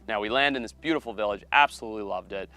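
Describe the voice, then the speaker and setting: A man, a wildlife biologist and TV host, telling a story in a casual, animated way. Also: on the low side, racing, clear, resonant tone. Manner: animated, acts out quoted voices.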